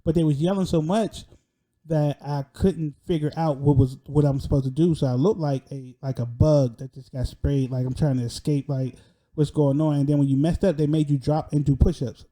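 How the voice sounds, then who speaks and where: A young man telling a personal story in an animated, slangy way, often laughing. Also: a little high, moderate pace.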